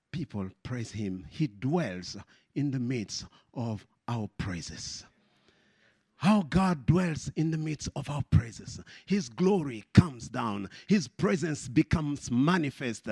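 A man preaching a passionate sermon in English, which is not his first language, repeating phrases and rising to shouts of praise. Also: high-pitched, dry recording.

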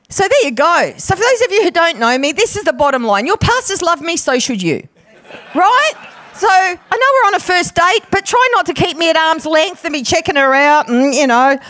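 A woman delivers a sermon as a visiting preacher, her high voice swooping with lively ups and downs. She jokes and chats with the congregation between points. The sound is close and dry, with no room echo. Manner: playful, chatty, jokes with the congregation. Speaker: guest preacher.

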